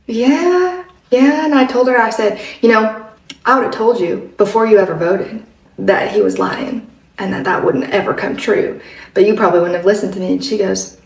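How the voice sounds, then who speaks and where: A woman casually telling a story about a talk in a shop, dropping to a hush when she quotes others and laughing often. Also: medium pitch, moderate pace. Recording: roomy, from far off.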